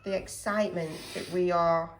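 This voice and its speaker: A woman's voice: lowish voice, fairly even intonation, normal speed, reverberant, a little hiss or hum. A woman co-hosting a casual home cooking vlog, teasing and playful as she goes through the ingredients.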